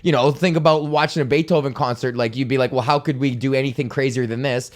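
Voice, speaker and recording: A man's voice: mid-range voice, fairly even intonation, fast talker. A young man hosting his own comedy podcast, ranting casually, swearing a lot and laughing at his own jokes. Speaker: podcast host.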